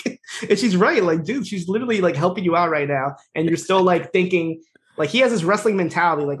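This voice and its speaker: A man's voice: high voice, animated, fast talker, fairly bright tone. A man co-hosting a podcast who casually recaps a TV episode, laughing often and acting out what the characters say. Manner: chatty, laughs often, acts out quotes. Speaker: podcast co-host.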